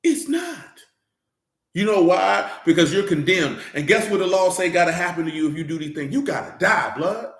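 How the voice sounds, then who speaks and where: Male preacher, high voice, fiery, slangy, rhetorical questions, echoey room. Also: expressive, moderate pace, fairly bright tone. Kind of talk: informal sermon and Bible teaching.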